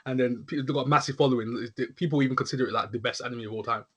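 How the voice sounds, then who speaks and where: A man's voice: medium pitch, very fast, a bit bright, husky. A young man chatting casually, rambling with lots of filler words as he talks. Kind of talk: casual chat.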